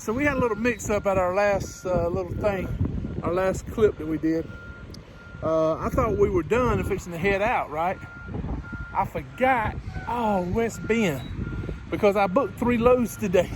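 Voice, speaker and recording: A man telling a casual story beside his parked truck, laughing often and acting out conversations. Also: high-pitched. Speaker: truck driver vlogger. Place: outdoors by a parked truck in strong wind. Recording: windy outdoor noise. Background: wind and passing traffic.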